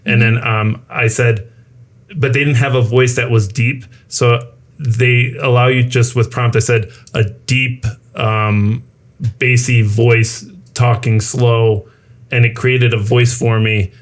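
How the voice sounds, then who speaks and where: A man's voice: mid-range voice, flat delivery, slow pace. A man co-hosting a casual podcast chat, animatedly retelling his own reactions. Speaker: co-host, new media professor.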